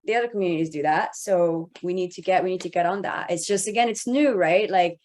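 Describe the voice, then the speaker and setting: A woman's voice: fairly low pitch, brisk, a little mellow. A woman voice actor speaking on a panel, passionate and rambling, with many restarts. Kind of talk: panel discussion.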